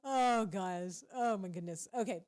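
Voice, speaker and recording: A woman's voice: medium pitch, a little slow, a little mellow. A woman hosting a radio show, talking casually and preachily at a studio microphone with a lot of animation and frequent laughter. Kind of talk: casual faith-based radio talk.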